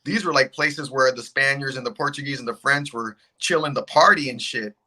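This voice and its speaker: A man's voice: mid-range voice, a little fast, pushed and bright. A man calling in as a podcast guest on a video call, speaking in a laid-back, loose way. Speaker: guest, UFC fighter. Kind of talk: casual interview chat. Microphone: video call without earbuds.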